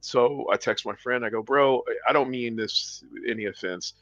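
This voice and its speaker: A man's voice: medium pitch, normal speed, no echo. A man hosting a gaming podcast, casually telling a rambling anecdote while a game plays. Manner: rambling, animated anecdotes with laughs and put-on quotes. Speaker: podcast host and game commentator. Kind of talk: casual chat and storytelling over gameplay. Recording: dull, dry lo-fi mic with game music.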